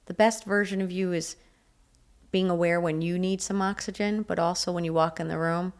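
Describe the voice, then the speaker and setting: Animated woman coach telling stories. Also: lowish voice, normal speed. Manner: energetic, animated storyteller who acts out quotes. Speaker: leadership coach, guest. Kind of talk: podcast interview, storytelling.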